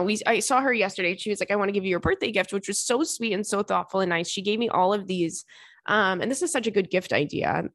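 Young female podcast host, chatty and animated, dry close sound, mid-pitched. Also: no room sound. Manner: animated, acts out quotes with big jumps in pitch. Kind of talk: casual chatty storytelling and reading listener letters.

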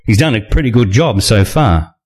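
Wry, expressive man narrating. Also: lowish voice, moderate pace, breathy edge. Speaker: audiobook narrator. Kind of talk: first-person thriller narration.

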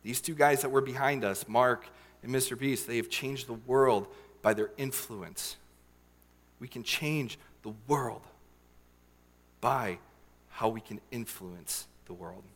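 Earnest young man preaching in a hall. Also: mid-range voice. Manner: earnest, emotional, with many fillers and pauses. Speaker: youth leader giving a sermon. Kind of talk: personal story sermon.

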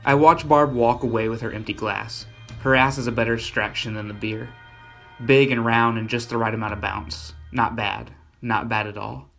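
A man narrating a first-person horror story in a gritty, blunt and deadpan way. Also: mid-range voice, moderate pace, vocal fry, faint music behind.

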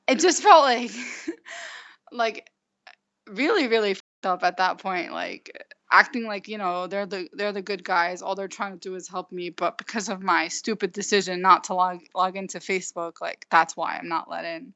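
A woman in her twenties from the United States, recounting events in a halting way with many fillers and restarts. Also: mid-range voice, a bit bright. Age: 20s. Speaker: interview guest. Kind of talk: casual recounting. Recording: dull lo-fi recording.

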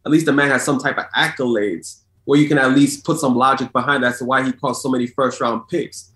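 A man's voice: mid-range voice, fairly quick. Male co-host in an echoey room. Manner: steady, reasoned opinions. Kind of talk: casual basketball chat.

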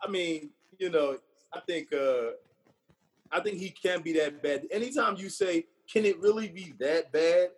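A young man in casual group chat, making wry, deadpan quips. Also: fairly high pitch, a little slow.

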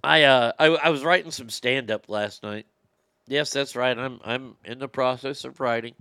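A man's voice: medium pitch, normal speed, bright, forceful tone, clean tone, no echo, clean studio sound. A man hosting a casual talk show, ranting bluntly and profanely, often stumbling over repeated words as he tells stories. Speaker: show host.

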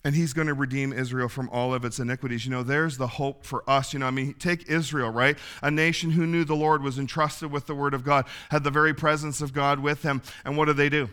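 A male pastor delivers a sermon in a relaxed, folksy storytelling manner. His voice is bright and forward, and he laughs softly now and then as he talks. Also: mid-range voice, fairly quick, few pauses, clear, resonant tone. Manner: folksy storytelling, chuckles often.

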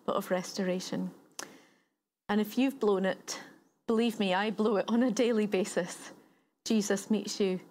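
A woman preacher delivers a sermon, retelling a story conversationally and driving her points home through repetition. Her medium-pitched voice is a little mellow, with slight background noise.

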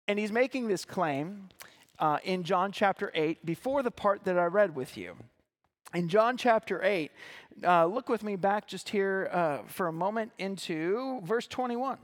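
A man's voice: high-pitched, lively intonation, unhurried. A man pastor preaching a sermon, reading scripture aloud and explaining it earnestly, with occasional restarts and fillers.

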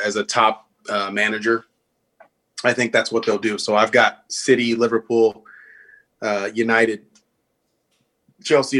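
A man's voice: fairly low pitch, fairly bright tone. A man co-hosting a casual sports podcast, opinionated, leaning on "I think" and lots of fillers. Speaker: podcast co-host.

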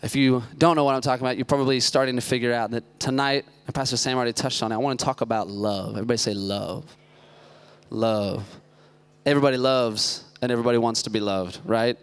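A man's voice: mid-range voice, fairly even intonation, fast, smooth. A man in his thirties giving a casual, chatty sermon with lots of joking asides, speaking as a church youth pastor. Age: 30s.

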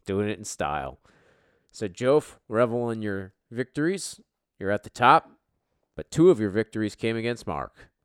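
A man hosting a casual podcast, his low voice swinging up and down with lively energy. He is brash and jokey and swears freely. The sound is close and dry, with no room around it. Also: normal speed, smooth, dry recording. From US East Coast. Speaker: podcast host and league commissioner. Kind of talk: casual, profane commentary.

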